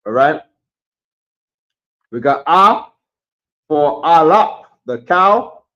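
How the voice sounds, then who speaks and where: Casting: male teacher, slightly high voice, repetitive, keeps asking "right?", lo-fi recording. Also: expressive, very slow, fairly bright tone. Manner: drops to a mutter when fiddling with the camera. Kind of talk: classroom teaching. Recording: dull lo-fi sound.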